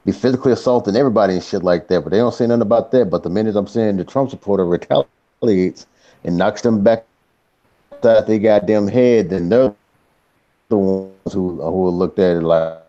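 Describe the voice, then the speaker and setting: A man's voice: on the low side, a little fast, dark tone. A man in a casual political chat, heated, slangy and profane. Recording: dull lo-fi call audio.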